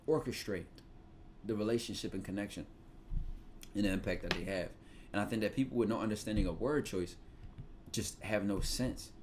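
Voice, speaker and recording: A man with a Philadelphia accent giving casual advice in loose, slangy talk with swearing. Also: lowish voice. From Philadelphia, USA. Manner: loose, slangy, profane, animated storytelling. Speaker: podcast host giving advice.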